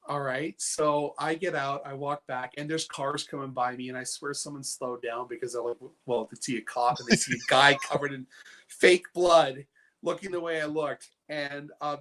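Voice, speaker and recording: A man's voice: medium pitch, a bit bright. A man from British Columbia, a guest on a show, telling a story in a rambling way with lots of fillers and laughs. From Canada, British Columbia. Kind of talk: casual anecdote telling.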